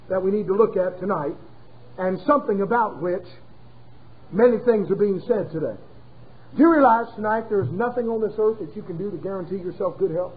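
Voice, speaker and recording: A man preaching a sermon to his congregation in a folksy, emphatic way, slowing down hard on key words. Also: extremely high pitch. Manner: folksy, emphatic preaching with sudden slowdowns and chuckles. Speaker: pastor. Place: church. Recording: tinny phone-like audio.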